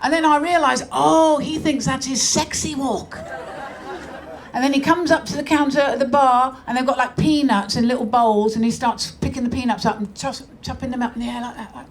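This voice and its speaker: A woman's voice: sits high, steady tone, fast, few pauses, a faint crowd, slight background noise. A middle-aged woman performing a stand-up comedy routine in a brash, conversational, mock-exasperated way on a club stage. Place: comedy club stage before a laughing audience.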